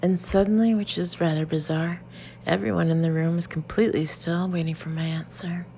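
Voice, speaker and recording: Low, gravelly woman narrating an audiobook. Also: steady tone, brisk, warm tone, dull audio, a little hiss or hum. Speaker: audiobook reader. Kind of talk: first-person audiobook narration.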